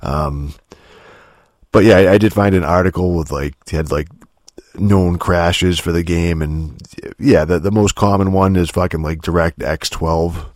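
A man's voice: low voice, fairly even intonation, measured pace, a little mellow, dry recording, studio quality. A man telling gaming stories in a casual, rambling monologue, swearing constantly and full of filler words.

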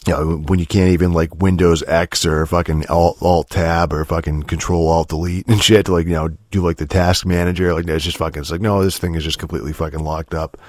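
Man, very deep voice, rambling profane gaming chat, dry close sound. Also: darkish tone, no echo. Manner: profane, rambling, heavy filler words. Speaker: gamer telling stories. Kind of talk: casual rambling monologue.

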